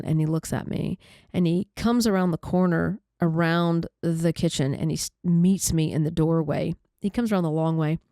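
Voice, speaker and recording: A woman podcast host recounting a painful personal story in a halting, conversational way with many restarts. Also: lowish voice, vocal fry, warm tone, dry recording, studio quality.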